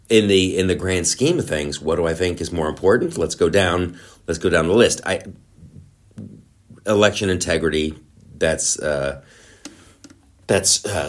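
A male host rambling through a casual, sarcastic comedic monologue, with many restarts. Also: low voice. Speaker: show host.

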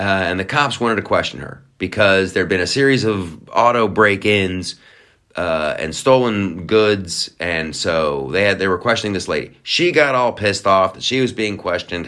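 A man's voice: mid-range voice, sharp tone. A man hosting a podcast, ranting in a mocking, profane comedic commentary. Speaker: podcast host.

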